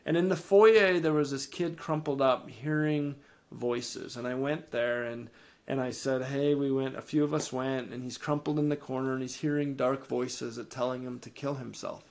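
A man, podcast co-host and ministry founder, telling a faith testimony with lively rises in energy and frequent word repeats. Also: moderate pace, gravelly. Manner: animated, rises in pitch and energy when excited; repeats words and restarts sentences. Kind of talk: storytelling testimony in an interview.

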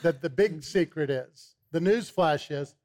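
A man's voice: on the high side, unhurried, darkish tone. A man, a guest on a talk show, eagerly explaining a supplement, often repeating his first words. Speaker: supplement company founder, guest.

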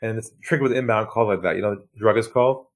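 In a rapid-fire podcast interview, a male sales trainer guest tells sales stories by acting out phone calls with lively shifts. For effect he goes low and quiet, then his pitch shoots up when he voices excited callers.

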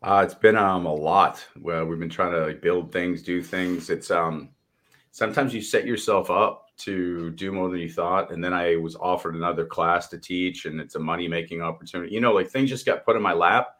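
A man co-hosts a casual talk show, speaking in a relaxed, rambling way full of fillers and pauses. His voice sits very low. He comes across as a coach thinking out loud. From Austin, Texas. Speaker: co-host, coach. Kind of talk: casual podcast chat.

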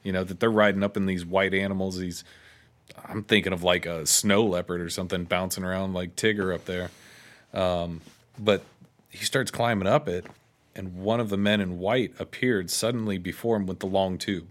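A man's voice: low voice, steady tone, moderate pace. A man co-hosting a casual chat, retelling an old legend with quoted lines and offhand asides. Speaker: podcast co-host.

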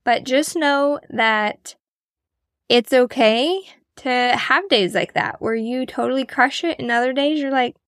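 A woman's voice: sits high, unhurried, a bit bright, dry recording, clean studio sound. A woman hosting a podcast, talking in a casual, encouraging and self-deprecating way as she motivates her listeners. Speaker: podcast host.

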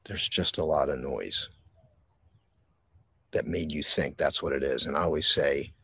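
A man hosting a live mindfulness podcast from a park, talking slowly and reflectively with dramatic pauses and reading viewer comments. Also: rumbling low, bright, forceful tone, husky, no room sound. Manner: reads and answers viewer comments. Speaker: podcast host. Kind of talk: live-streamed mindfulness talk. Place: outdoors in a park.

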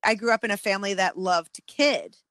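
A woman co-hosting a podcast in casual chat, self-deprecating and quick to laugh. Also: medium pitch, a bit bright, no echo. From from an Irish Catholic family. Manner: self-deprecating, laughs often, chatty with fillers.

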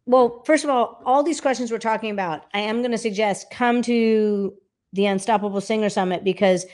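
Brief: woman vocal coach, middle pitch, lively and animated, casual interview guest. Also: a little fast. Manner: animated, demonstrates by singing snippets.

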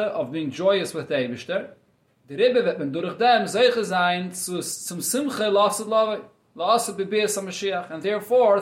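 Male teacher, high voice, reads then explains line by line; roomy echo. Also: a bit bright. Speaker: Torah teacher. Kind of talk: text study class, reading Yiddish and explaining in English.

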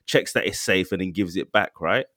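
Casual podcast co-host, low and lively, dry close sound. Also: male voice, moderate pace, dry recording. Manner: animated, excitable, acts out quotes. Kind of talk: casual chat.

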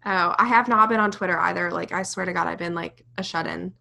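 A young woman co-hosting a podcast in casual chat, talking fast and loose with lots of "like" and "literally". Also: on the low side, vocal fry, pushed and bright. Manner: chatty, says "like" and "literally" a lot. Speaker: podcast co-host.

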